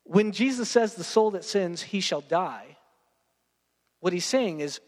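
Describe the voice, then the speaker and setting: A man's voice: high-pitched, expressive, a little slow, big-room sound. A young man, preaching a sermon in a casual, joking way and talking straight to his congregation. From Texas. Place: church sanctuary.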